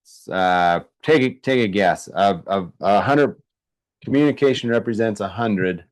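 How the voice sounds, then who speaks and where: A man with a lowish voice presents an online workshop a little slowly, talking conversationally and thinking aloud with lots of fillers and restarts. He asks viewers to answer in the chat.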